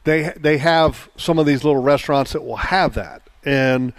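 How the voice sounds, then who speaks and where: A man co-hosting a casual radio chat, rambling with many restarts and getting excited about food. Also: on the high side, moderate pace, no echo. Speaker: co-host.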